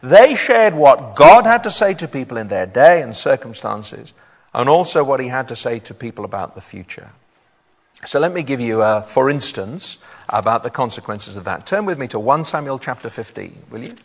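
A man's voice: medium pitch, very animated, moderate pace. A man preaching a sermon, reading scripture aloud and then explaining it to his congregation. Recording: long hall reverb.

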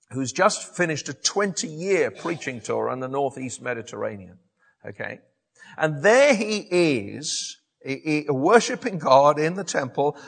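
A man preaching a sermon, telling a Bible story in an animated way with frequent restarts and self-corrections. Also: on the high side, creaky, slightly rough.

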